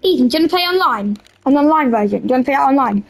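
High-pitched, frantic gaming woman. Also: lively intonation, racing. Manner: loud, playful, frantic yelling and teasing. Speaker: gaming video host. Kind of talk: excitable gameplay commentary.

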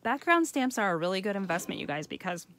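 A woman's voice: medium pitch, sing-song, fast, a bit bright, a little hiss or hum. A woman hosting a live craft demonstration, chatty and enthusiastic, talking to viewers as you guys. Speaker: craft host. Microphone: home setup for a live stream.

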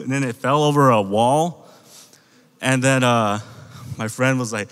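Youth pastor, American man, mid-pitched, chatty storyteller talking straight to the kids, long hall reverb. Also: normal speed. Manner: conversational, animated storytelling, addresses the youth group directly. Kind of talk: casual youth sermon with storytelling.

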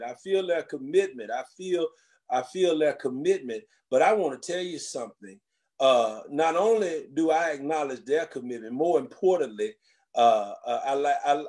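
A man preaching a sermon as senior pastor of a church, speaking with a rising, whooping cadence with drawn-out phrases. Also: medium pitch, darkish tone. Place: church sanctuary.

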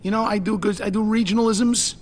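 A man playing an eager, rambling actor at an audition in a comedy sketch, with a gravelly voice. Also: high-pitched, steady tone, brisk, big-room sound, a little hiss or hum.

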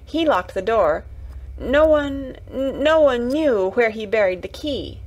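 A woman's voice: mid-range voice, lively intonation, normal speed, breathy edge, poor audio. A woman voicing a curious, wary ten-year-old girl who speaks carefully and a little nervously, read from a storybook. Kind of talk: storybook reading.

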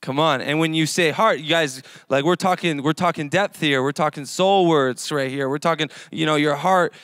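A man's voice: on the high side, normal speed, a bit bright, dry recording, studio quality. Chatty rambling man preaching casually. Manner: chatty, rambling storytelling with many fillers. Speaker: young adults pastor. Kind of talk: casual sermon.

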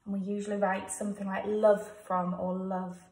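A primary school teacher with an English accent leads young pupils through a writing task. Her voice comes from a distance, caught by a camera set back in a roomy, echoing space. She goes slowly and patiently, sounding out each word. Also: medium pitch, flat delivery, darkish tone. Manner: slow, sounds words out letter by letter. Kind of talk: home-learning writing lesson for young children. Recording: echoey room, voice from a distance.

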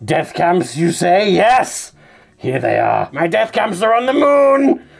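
A man's voice: high voice, big pitch swings, slow, vocal fry, full character voice. A man improvising a boastful, bumbling male supervillain who monologues theatrically. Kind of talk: improvised comedy presentation.

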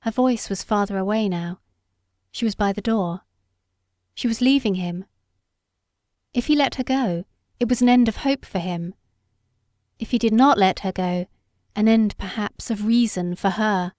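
Woman narrating an audiobook, measured. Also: medium pitch, darkish tone, no echo, clean studio sound. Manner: measured, unhurried storytelling. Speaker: audiobook reader. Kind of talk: scripted narration.

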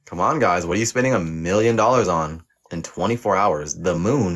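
A young man on a livestream reads chat in the role of a joking teacher, giving out teasing pass or fail grades laced with profanity. His voice is low-pitched and a bit bright, moving at a moderate pace.

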